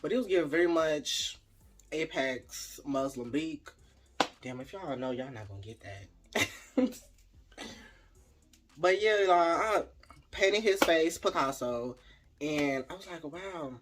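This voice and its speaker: A man vlogging a casual storytime, talking straight to his viewers in a lively, chatty way. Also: a little high, slow, long pauses, background noise. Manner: animated, chatty, addresses viewers directly.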